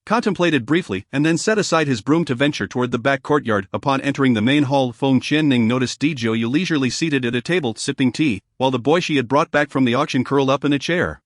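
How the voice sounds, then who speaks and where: A man narrating a fantasy story in an even, formal reading style. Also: medium pitch, fast talker, hardly any pauses, dry recording, studio quality.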